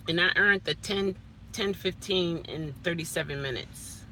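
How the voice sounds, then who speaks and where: A woman's voice: fairly low pitch, measured pace, sharp tone, slight background noise. A woman rideshare driver chatting casually to her vlog from inside her car, rambling with little self-talk asides.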